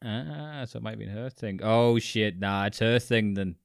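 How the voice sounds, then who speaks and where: Man, casual podcast chat, lower voice, crisp and smooth. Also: normal speed, no room sound, clean studio sound. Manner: animated storytelling, swears casually. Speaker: podcast co-host.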